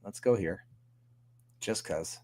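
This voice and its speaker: Speaking low, slow and warm, a Canadian man hosts a livestream where he rants casually, swearing a lot and laughing frequently. Slight background noise can be heard.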